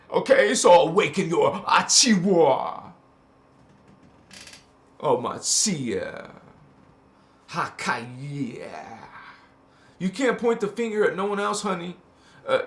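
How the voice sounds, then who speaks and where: Impassioned slow-speaking man preaching. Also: a little high, a bit bright. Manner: impassioned, casual, calls listeners honey and you guys. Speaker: spiritual channel host. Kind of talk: spiritual livestream sermon.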